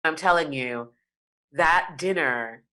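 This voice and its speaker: A woman, a podcast guest on a video call, telling her story with emotional, expressive emphasis and slow, drawn-out stretches. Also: sits low. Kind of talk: remote podcast interview.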